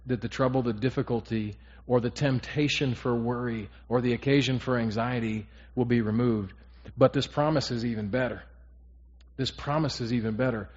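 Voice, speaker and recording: A man's voice: medium pitch, dull audio. A man pastor leading a Bible study in an earnest, sermon-like way, repeating key phrases and checking in with his group. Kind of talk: sermon-style Bible teaching to a small group.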